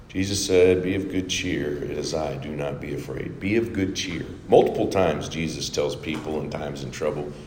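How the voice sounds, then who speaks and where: A man preaching a sermon, dropping to a hush for scripture quotes and rising loud for emphatic asides. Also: sits low. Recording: echoey hall with faint ambience.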